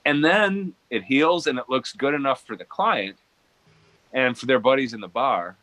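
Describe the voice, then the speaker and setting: A man's voice: mid-range voice, moderate pace, a bit bright, no echo. A man, a tattoo artist, explaining his working method step by step in a casual chat.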